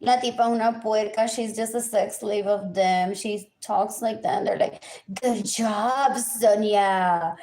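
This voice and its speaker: A woman's voice: mid-range voice, little pitch movement, moderate pace, few pauses, warm tone. A woman, ranting agitatedly on a live stream, repeating herself in chanted lists and switching languages mid-sentence. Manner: switches between English and Spanish mid-sentence. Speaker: livestreamer. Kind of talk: unscripted live stream rant.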